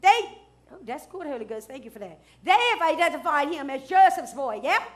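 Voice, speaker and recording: A woman pastor preaching a sermon, dropping to hushed asides and rising to loud shouts, with features. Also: sits high, expressive, brisk. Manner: swings from hushed asides to loud shouted declarations, laughs often.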